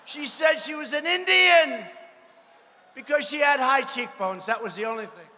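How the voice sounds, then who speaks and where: Boastful man shouting at a rally. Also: extremely high pitch, normal speed. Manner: boastful, mocking, repetitive phrasing; frequent shouted lines to a crowd. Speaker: politician addressing a rally. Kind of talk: campaign rally speech. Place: large rally venue. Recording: long reverb of a large venue.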